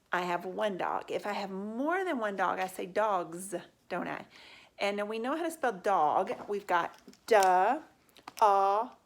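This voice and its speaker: Slow, gentle woman teaching young children. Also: medium pitch. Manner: slow, gentle, patient, with drawn-out sounds and questions to children. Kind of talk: recorded reading lesson for young children.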